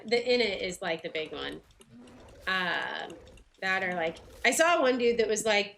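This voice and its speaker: A woman's voice: medium pitch, expressive, a little slow, vocal fry, fairly bright tone, slight background noise. A woman with a light Southern US accent streaming a game, chatting casually with viewers and laughing often. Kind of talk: casual livestream chat while playing.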